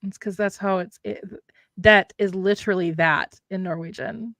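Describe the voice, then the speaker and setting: A chatty woman with a light Minnesota accent rambles her way through a casual livestream conversation. Her voice sits at an ordinary pitch and sounds close and dry, with no room around it. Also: moderate pace, dry recording. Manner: chatty, rambling, drops in Norwegian words. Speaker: livestream co-host. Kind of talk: casual chat. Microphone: remote streaming setup.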